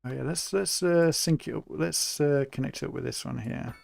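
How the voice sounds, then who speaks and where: Man, young adult, from England, live gameplay commentary, relaxed and chatty, gravelly voice, dry close sound. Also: on the high side, moderate pace, no room sound. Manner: relaxed, chatty, thinking aloud while building. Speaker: streamer.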